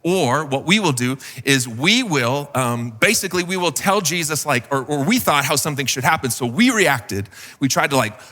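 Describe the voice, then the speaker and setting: A man's voice: fairly high pitch, lively intonation, normal speed, pushed and bright, in a large hall. A man preaching a sermon as pastor, telling a story casually with fillers and acted quotes.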